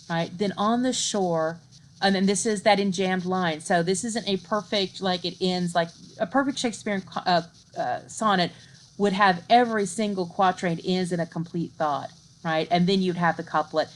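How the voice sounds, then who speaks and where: Conversational woman lecturer, slightly low voice. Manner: conversational, checks in with "right?", reads poetry aloud slowly. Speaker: literature lecturer. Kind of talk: recorded university lecture.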